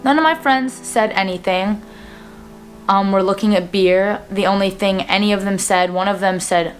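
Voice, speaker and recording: A woman's voice: medium pitch, fairly even intonation, normal speed, faint music behind. A young woman in her twenties talking to camera in a personal vlog, earnest and plain-spoken with frequent fillers. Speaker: vlogger.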